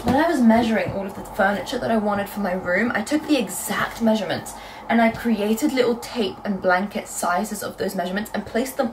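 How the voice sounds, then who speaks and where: A young woman from Britain chatting casually in a book vlog from her bedroom, telling stories in a lively, animated way. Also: medium pitch, distant mic, background noise. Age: young adult. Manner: chatty, quick and animated storytelling. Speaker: book vlogger. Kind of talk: casual chat.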